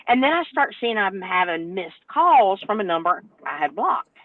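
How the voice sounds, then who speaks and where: Woman in her 60s, animated ranting storyteller, tinny phone-like sound, dry. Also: mid-range voice, a little slow, no echo. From North Carolina, US. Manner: animated, exasperated storytelling rant. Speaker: truck driver and owner operator, panel guest. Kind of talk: podcast panel discussion.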